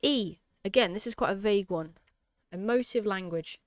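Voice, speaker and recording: Woman, tutor, emphatic explanations, smooth resonant voice, dry sound. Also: medium pitch, moderate pace, no echo. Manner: emphatic, explanatory, checks in with "okay?". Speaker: English tutor. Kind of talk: exam-prep lesson.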